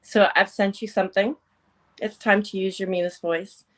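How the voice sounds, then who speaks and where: A woman at a middle pitch hosts a relaxed podcast chat. She teases her guest in a playful way and laughs easily. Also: moderate pace. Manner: playful, teasing, laughs often. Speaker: podcast host. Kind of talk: casual chat.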